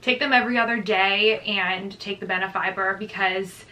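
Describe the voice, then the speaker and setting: Chatty bright-voiced young woman vlogging. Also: medium pitch, steady tone, moderate pace, far from the mic, rough recording. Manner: chatty, lots of "like", reading from notes. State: pregnant. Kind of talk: casual pregnancy update vlog.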